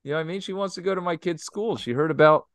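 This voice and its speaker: A man's voice: a little high, rapid-fire, no echo. A man in his thirties co-hosting a casual podcast, telling family stories with lots of laughter. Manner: animated storyteller, laughs often, swears. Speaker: podcast co-host. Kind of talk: casual chat.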